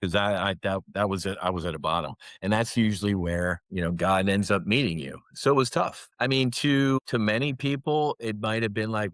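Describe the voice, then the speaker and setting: A man's voice: on the low side, normal speed, hardly any pauses, a bit bright, no echo. A man in his fifties, a former fighter pilot, talking candidly and intensely in an interview, often restarting and then pushing words out with emphasis. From United States. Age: 50s. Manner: earnest, intense, with frequent restarts and emphatic rises.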